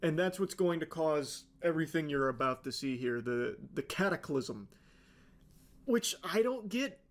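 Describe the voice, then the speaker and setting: Young man, live streamer, high-pitched, sarcastic and profane while reading posts aloud. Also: expressive, unhurried. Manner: sarcastic, swearing. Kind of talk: reading a post aloud and reacting.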